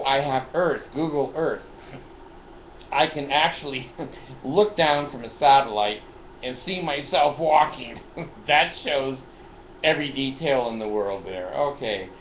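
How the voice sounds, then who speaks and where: A man's voice: medium pitch, takes it slowly. Older male vlogger in his car, jokey, talkative, salty language; roomy, muffled recording. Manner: chatty, laughs often, jokey and profane. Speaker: video host. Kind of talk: casual vlog, showing his phone and car gadgets. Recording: roomy, dull lo-fi sound, faint noise.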